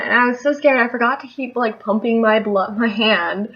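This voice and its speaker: A woman's voice: fairly high pitch, steady tone, brisk, a bit bright, lo-fi sound. A young adult woman telling a story in a casual vlog, chatty and rambling, often laughing. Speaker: vlogger.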